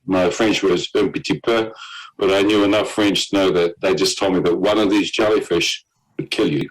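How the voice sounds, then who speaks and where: A man's voice: sits low, steady tone, normal speed, low-quality recording. A man telling his own story as a testimony. He acts out the voices of the people he quotes and laughs between lines.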